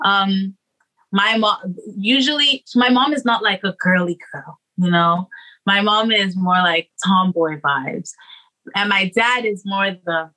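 A woman's voice: mid-range voice, measured pace, bright, forceful tone, poor audio. A young woman singer, a guest, chatting casually and hesitantly, with many restarts and fillers. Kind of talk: casual interview chat.

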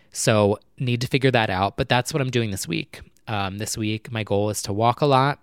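Rambling man with a smooth voice. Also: medium pitch, no echo, clean studio sound. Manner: rambling, filler-heavy and self-mocking. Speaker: podcast host. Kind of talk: casual solo chat. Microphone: home recorder.

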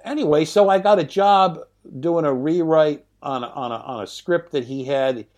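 A man in his sixties, a guest in an interview, telling anecdotes from home in a lively way, often laughing and swearing. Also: fairly high pitch, normal speed. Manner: animated, laughing, profane.

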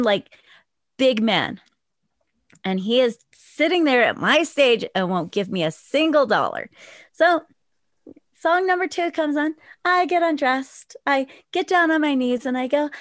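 High-voiced woman, swearing storyteller. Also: measured pace, no room sound, clean studio sound. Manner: animated, swears freely. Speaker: podcast guest. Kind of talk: casual podcast storytelling.

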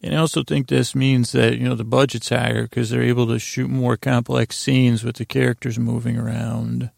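Talking at normal speed with a flat delivery, this podcast host has a darkish, mid-range voice touched with vocal fry. He rambles conversationally through a casual TV episode recap, restarting and retelling scenes often, in clean studio sound with no room sound.

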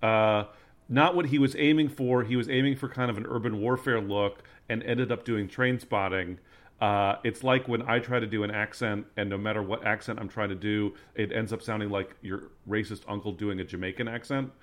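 A man's voice: lowish voice, moderate pace. A man on a comedy podcast panel, delivering jokes with plenty of fillers. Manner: joking, deadpan punchlines, many fillers.

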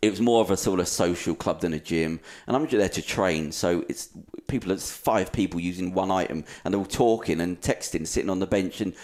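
A man's voice: low voice, a little fast, hardly any pauses, a little mellow. A man hosting a podcast, rambling in casual chat and swearing freely. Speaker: podcast host.

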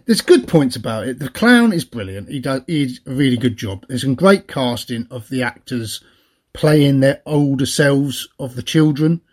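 A chatty man co-hosting a podcast, his voice a little husky. He rambles along in casual talk, laughing easily and often. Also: medium pitch, lively intonation, normal speed, darkish tone. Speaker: podcast co-host. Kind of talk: casual chat.

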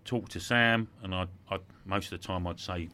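A middle-aged man with a very deep voice that still comes across forceful and bright, speaking as a podcast guest. He tells an emotional story in a reflective way, often stumbling and repeating words when moved. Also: moderate pace, slight background noise.

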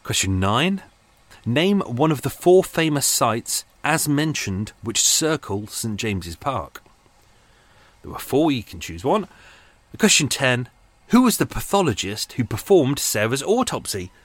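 A man's voice: medium pitch, sing-song, unhurried, no echo. A man hosting a podcast, chatting casually and rambling with self-mocking asides, recorded at home on a boat. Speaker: podcast host. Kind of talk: casual chat to listeners. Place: small home room on a boat.

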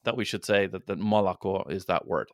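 A man's voice: sits low, brisk, no echo, clean studio sound. A man chatting casually on a podcast, telling rambling stories and slipping into playful mock voices.

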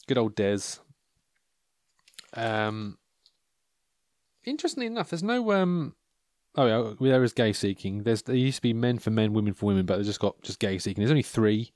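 A man musing aloud in a loose, digressive way, dropping dry asides as he reads personal ads. His voice sits at an ordinary middle pitch. The sound is close and dry, with no room echo at all. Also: a little mellow. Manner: wry, rambling, digressive commentary. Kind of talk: casual monologue reading out personal ads. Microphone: handheld or desk microphone.

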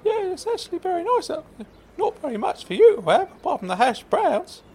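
A man voicing a grown man with a squeaky, high-pitched silly voice in an audio sitcom, mild and stammering. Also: wildly swooping pitch, brisk, a little mellow, full character voice. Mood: placid. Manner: mild, stammering, good-natured.

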